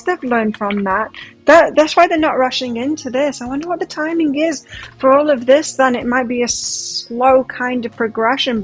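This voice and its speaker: A woman talks through a pick-a-card tarot reading in a gushing, emotive way. Her voice sits a little high and comes across husky and breathy. Faint music plays softly underneath. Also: poor audio. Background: soft background music.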